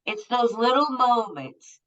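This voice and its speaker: A woman's voice: on the high side, expressive, takes it slowly, a bit bright. Blunt, swearing woman in her fifties. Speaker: guest. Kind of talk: candid storytelling. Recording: muffled lo-fi audio.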